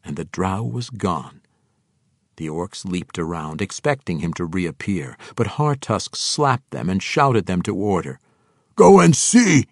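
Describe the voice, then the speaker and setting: Male audiobook narrator, very deep voice, steady fantasy read, dry close sound. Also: unhurried, no room sound.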